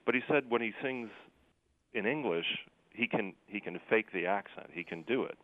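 A man's voice: fairly low pitch, expressive, moderate pace, no echo, narrow, tinny audio. A man who sings opera, talking in a rambling conversational way with many fillers and restarts. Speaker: opera singer. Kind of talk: casual conversation.

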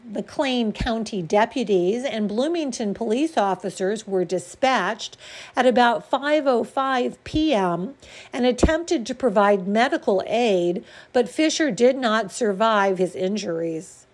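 A woman reading local radio news and history items in a measured, deliberate way, with the odd stumble. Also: fairly high pitch, expressive. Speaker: news reader.

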